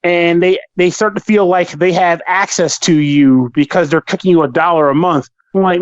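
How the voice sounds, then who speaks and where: Male podcast co-host, slightly high voice, animated and jokey, dry, dull mic sound. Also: a little fast, few pauses, no echo. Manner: animated, joking, profane rants. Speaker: podcast co-host, game reviewer. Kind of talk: casual chat.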